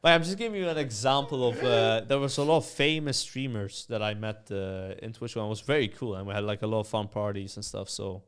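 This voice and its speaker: A young man with a Maltese accent, a streamer who tells animated stories with lots of "uh" and "like" as a podcast guest. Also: lowish voice, fairly quick, hardly any pauses, clean tone. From Malta. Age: young adult. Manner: animated storyteller, many fillers. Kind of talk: casual storytelling chat.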